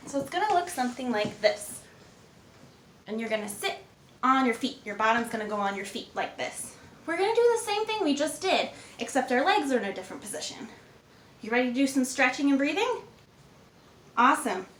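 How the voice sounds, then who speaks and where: A young woman as Jane, cheerful guide, high voice, echoey room, faint ambience, coaxing kids through stretches. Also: a bit bright, slight background noise. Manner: upbeat, encouraging, talks to children. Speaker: kids' movement and mindfulness instructor. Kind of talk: guided movement lesson for children.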